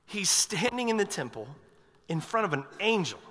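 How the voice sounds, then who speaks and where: A man preaching a sermon as pastor in a church, telling the story with humor and lively energy. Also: high voice, normal speed. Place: church sanctuary. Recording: reverberant hall.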